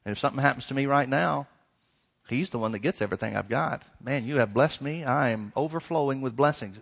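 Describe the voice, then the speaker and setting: A preacher voicing an aging patriarch pleading with God. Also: male voice, mid-range voice, fairly quick, creaky, breathy edge. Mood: plaintive. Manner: quiet, plaintive, talking to God like a friend. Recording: long reverb of a large hall.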